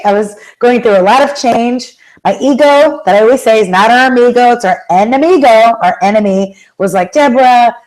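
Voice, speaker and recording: A woman giving a motivational talk, telling stories with lively acted-out quotes and direct questions to the audience. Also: medium pitch, low-quality recording. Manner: animated storytelling, acts out quoted voices. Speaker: motivational speaker and life coach.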